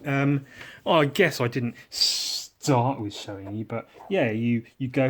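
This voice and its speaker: An English-accented man hosts a drawing podcast, chatting casually and ramblingly in a sarcastic, self-mocking way, and his words often trail off quietly. His voice sits in the mid range and he speaks slowly.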